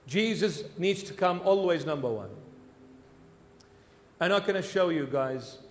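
High-pitched man giving a sermon, swings loud to soft, long church reverb. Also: lively intonation, measured pace. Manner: emphatic, repetitive preaching that swings between loud and soft. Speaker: bishop preaching.

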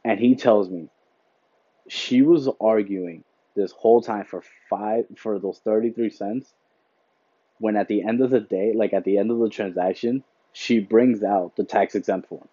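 Husky and mellow, his fairly low voice moves a little slowly as he hosts a podcast. The man tells a rambling, casual work story packed with fillers and "whatever, right?"; the recording is dry, dull and lo-fi.

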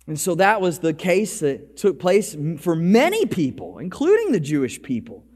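A man preaching a sermon as pastor, telling the story with swings between loud calls and quiet, low lines. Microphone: microphone.

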